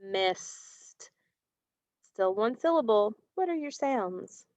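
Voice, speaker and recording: A woman teaching a phonics lesson, slowly stretching out and repeating sounds and words, and praising her students. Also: medium pitch, expressive, a little mellow, dry recording. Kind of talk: slow, clearly enunciated phonics lesson. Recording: dry, dull lo-fi recording.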